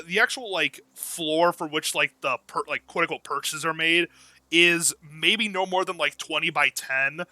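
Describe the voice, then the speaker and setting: A man's voice: on the high side, bright, forceful tone, dry recording. A young man running a tabletop game as game master, rambling and often searching for words.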